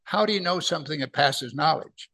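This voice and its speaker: A middle-aged man preaching a verse-by-verse Bible lesson in a conversational way, asking his listeners rhetorical questions and slowing right down whenever he reads scripture aloud. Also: on the high side, animated, gravelly, pushed and bright.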